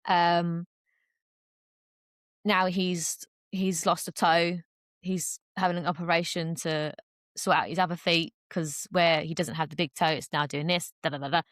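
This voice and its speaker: A young woman talks in a chatty, open way as a guest on a podcast. Her voice sits a little low, and she leans on fillers and acts out the voices she quotes. The recording is close and dry. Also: fairly even intonation, a little slow, dry recording. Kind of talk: casual conversation.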